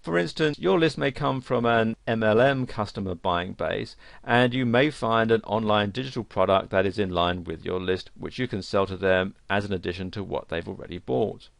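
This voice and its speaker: Gravelly man giving an online course lesson. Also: fairly low pitch, normal speed, few pauses, dry recording. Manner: advising, earnest and direct. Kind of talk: instructional lesson narration.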